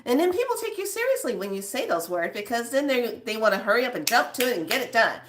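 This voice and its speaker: A woman's voice: a little high, sing-song, fast, slight background noise. A woman vlogger chatting casually with her viewers, laughing often and swearing for emphasis. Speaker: spiritual vlogger.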